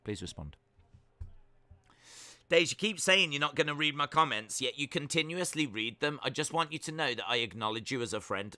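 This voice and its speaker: A British man hosting a live stream, reading viewer comments aloud and answering them with teasing, deadpan jokes. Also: medium pitch, normal speed, dry recording. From United Kingdom. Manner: jokey, teasing, deadpan banter.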